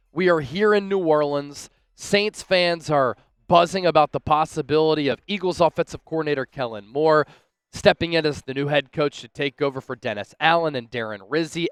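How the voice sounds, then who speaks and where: A man's voice: fairly high pitch, dry recording. A young man hosting a sports news show, talking with upbeat, enthusiastic fan energy. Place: on location at a big sports event.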